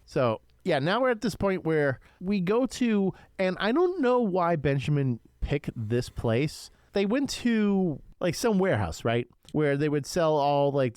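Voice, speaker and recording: A young man co-hosting a podcast, casually reviewing a horror film with an excitable, profane manner. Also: a little high, no room sound. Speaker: podcast co-host.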